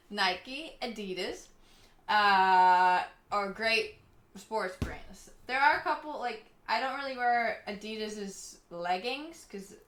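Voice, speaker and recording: A woman's voice: fairly high pitch, a bit bright. A young woman chatting casually on a live stream, reading chat and laughing often. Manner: giggly, chatty, reads chat aloud. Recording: echoey room.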